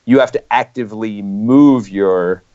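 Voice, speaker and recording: Man, low voice, easygoing podcast co-host, muffled lo-fi audio. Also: unhurried. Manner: easygoing, laughs along. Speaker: board game designer, podcast co-host. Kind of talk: casual live stream chat. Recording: dull lo-fi stream audio.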